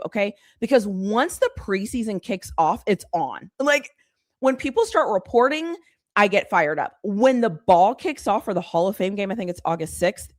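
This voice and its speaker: A woman in her young adult years chats to her live audience in a loose, rambling way, circling back to the same lines over and over. Her voice leaps up and down in pitch. The sound is close and dry. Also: dry recording. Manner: excited, rambling, repeats herself. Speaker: live stream host. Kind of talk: casual live-stream chat.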